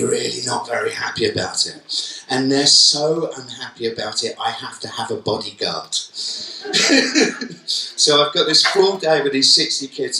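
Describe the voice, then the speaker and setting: A Cockney man delivers a keynote at a conference, spinning humorous stories and voicing the people in them. His tone is bright and cutting, and he sits far from the mic in an echoey hall. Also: mid-range voice. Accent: London Cockney. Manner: humorous storyteller, acts out quotes. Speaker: keynote speaker.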